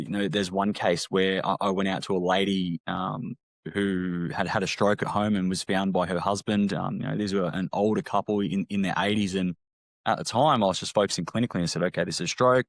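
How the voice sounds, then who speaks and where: A man with an Australian accent, a former medic speaking candidly in an interview, halting and reflective with frequent restarts. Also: deep voice, dry recording. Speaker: guest, former army medic.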